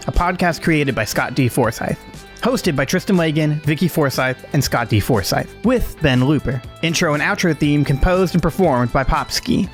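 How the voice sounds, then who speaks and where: A man running a tabletop game as game master, narrating loosely and casually with fillers. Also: fairly high pitch.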